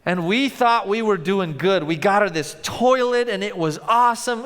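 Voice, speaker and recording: A male pastor preaching a sermon, telling stories and swinging from loud to hushed. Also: sits high, normal speed, hardly any pauses, smooth. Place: large church. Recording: long church hall reverb.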